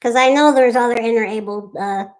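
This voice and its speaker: A woman's voice: fairly high pitch, fairly quick, darkish tone. A young woman co-hosting a casual live stream, chatting and thanking viewers by name.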